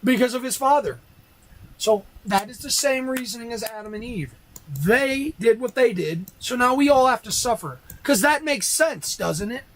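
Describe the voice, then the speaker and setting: A man's voice: extremely high pitch, animated, normal speed, slight background noise, poor audio. A man ranting on a casual livestream, arguing with rhetorical questions and repeating his points.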